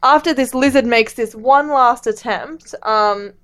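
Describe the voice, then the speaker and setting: Brief: a woman with a fairly high voice, podcast co-host, hesitant book chat. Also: a little slow, fairly bright tone. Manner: hesitant, retells the plot with many ums. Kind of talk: casual book discussion.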